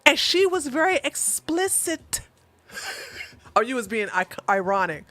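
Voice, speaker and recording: A woman hosting a casual livestream, chatting with her viewers in an animated way, often laughing and talking back to the chat. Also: high voice, a little slow, dry recording. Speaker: livestream host.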